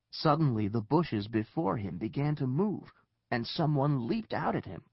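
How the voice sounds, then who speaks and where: A man narrating a children's story with expressive storytelling. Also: mid-range voice, moderate pace, vocal fry, slightly rough, no echo, highs cut off. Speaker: audiobook narrator.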